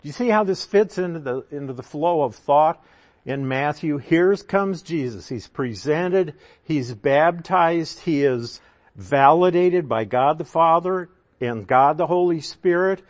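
Slow, deliberate male Bible teacher. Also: a little high, expressive. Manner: conversational Bible teaching, emphatic with rhetorical questions. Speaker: preacher. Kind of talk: sermon.

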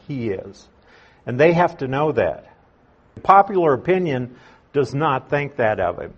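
Slow, husky-voiced male Bible teacher. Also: medium pitch, dull audio. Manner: unhurried, conversational, explains and restates points. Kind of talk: verse-by-verse Bible study teaching.

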